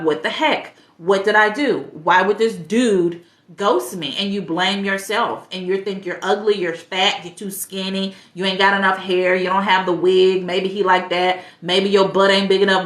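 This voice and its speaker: A woman's voice: medium pitch, echoey room. A woman life coach with a St. gives direct dating advice, talking straight to the viewer with pointed questions. She sounds a little stuffy from allergies. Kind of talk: casual advice monologue.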